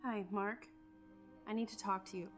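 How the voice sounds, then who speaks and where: A woman's voice: medium pitch, steady tone, normal speed, music in the background, natural voice. An actress playing a manipulative young woman who cheats on her fiancé, breezy and dismissive in a film drama. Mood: coaxing.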